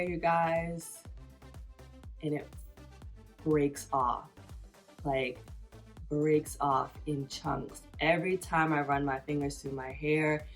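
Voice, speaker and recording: A woman's voice: low voice, a bit bright. A woman in her thirties telling a personal story on her vlog in a chatty, casual way, filling her phrases with "like". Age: 30s. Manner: chatty, fills every phrase with "like". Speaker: vlogger.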